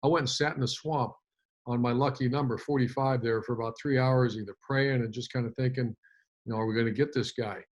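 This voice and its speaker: A middle-aged man, a football coach, telling a story in an interview, animated, with many restarts and fillers. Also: mid-range voice, fairly quick.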